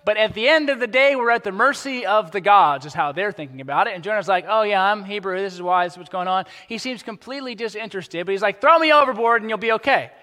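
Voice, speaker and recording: A man preaching a sermon as pastor, animated and acting out the characters he quotes. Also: sits high, fast, hardly any pauses, long reverb tail.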